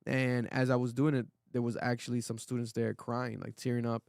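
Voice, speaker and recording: Hoarse podcast host guy, gravelly, earnest and rambly, lots of ums. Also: mid-range voice, little pitch movement, brisk, darkish tone, no echo, studio quality. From Rhode Island. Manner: earnest, rambling with many fillers. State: losing his voice. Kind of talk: casual podcast chat.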